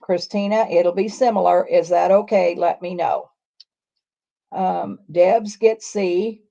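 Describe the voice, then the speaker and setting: A woman's voice: on the low side, fairly even intonation, takes it slowly, vocal fry, warm tone, highs cut off. A woman co-hosting a live sales show, homely and folksy, reading out buyers' names and assigning their orders. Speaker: co-host taking buyers' orders.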